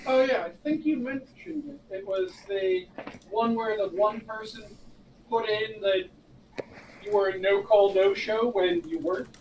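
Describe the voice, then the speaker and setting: A man's voice: high voice, unhurried, darkish tone, a little hiss or hum, rough recording. A man in casual podcast chat, making short interjections and blunt asides.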